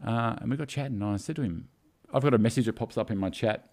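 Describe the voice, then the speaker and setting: A man's voice: mid-range voice, fast, vocal fry, darkish tone. A man co-hosting a casual live podcast, telling a story in a rambling, emotional way with many fillers. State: tearful. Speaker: podcast co-host.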